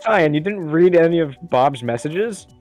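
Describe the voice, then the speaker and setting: A man co-streaming a racing game, excitable and foul-mouthed, mocking recycled jokes from chat. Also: on the high side, moderate pace, soft background music. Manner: excitable, swears a lot, mocks chat jokes. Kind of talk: casual gaming stream chat.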